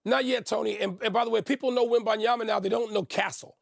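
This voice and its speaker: Very high, gravelly, insistent male pundit. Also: steady tone, fast talker, no room sound, studio quality. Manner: emphatic, insistent, talks over his partner. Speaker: sports talk show co-host. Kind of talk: sports debate show.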